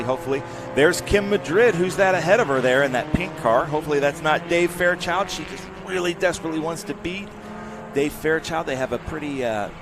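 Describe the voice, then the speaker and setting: A man doing live motorsport commentary, chatty and excited, reading out greetings from viewers. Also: fairly high pitch. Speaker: race commentator. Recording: steady noise in background.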